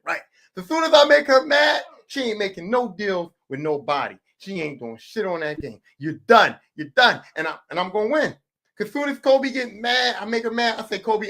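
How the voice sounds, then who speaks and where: A man in his forties hosting a podcast, telling a profane, animated comic rant that swings from loud bursts to low mutters. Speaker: podcast host. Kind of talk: casual comedic rant.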